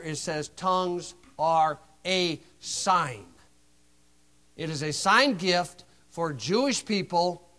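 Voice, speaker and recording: A man preaching an informal sermon, telling anecdotes in a sarcastic, animated way. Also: a little high.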